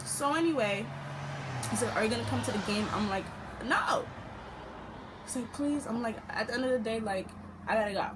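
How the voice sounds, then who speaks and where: Animated, profane young woman vlogger. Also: a little high, quick pace, noisy background. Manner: animated, profane, acts out quotes. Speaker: storytime vlogger. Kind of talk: animated storytime vlog.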